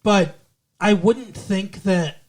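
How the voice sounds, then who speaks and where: A man's voice: high voice, slow pace, darkish tone. A man co-hosting a podcast, recapping a TV episode in loose, profane, rambling casual chat. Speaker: podcast co-host.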